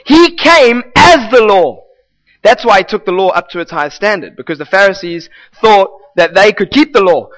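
A man's voice: high voice, brisk, hardly any pauses, fairly bright tone, low-quality recording. A male pastor preaching a sermon in a conversational, emphatic way, repeating key phrases.

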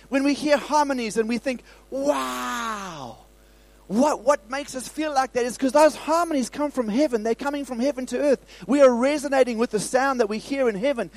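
A middle-aged man from South Africa preaching a lively sermon, repeating phrases and stumbling over restarts. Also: very high voice, dry recording, low-quality recording. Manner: animated, repetitive preaching with stammered restarts. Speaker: pastor. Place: church service.

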